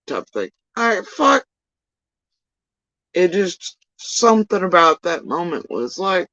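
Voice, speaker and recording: A man telling a story in casual livestream talk, rambling and swearing, with sudden high bursts when he quotes people. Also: measured pace, no echo, highs cut off. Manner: profane, rambling, animated when quoting others. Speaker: livestream talker.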